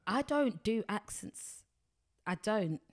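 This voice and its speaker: A woman's voice: medium pitch, expressive, takes it slowly. A woman, chatting frankly and bluntly as a podcast guest. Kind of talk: casual chat.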